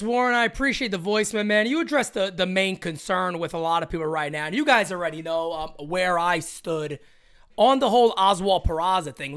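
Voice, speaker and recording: A man hosting a fan sports livestream, hyped and chatty, rattling off shout-outs with frequent restarts. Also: sits high, smooth. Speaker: livestream host. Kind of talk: energetic fan livestream talk.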